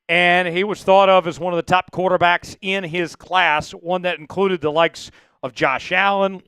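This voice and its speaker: A man hosting a live sports show, hyped and talking straight to his viewers. His voice is bright and crisp, a little higher than most men's. It is recorded dry on a close mic, with faint music underneath. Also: dry recording. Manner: energetic, hyped delivery with frequent asides to viewers. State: voice cracking, coughing fits.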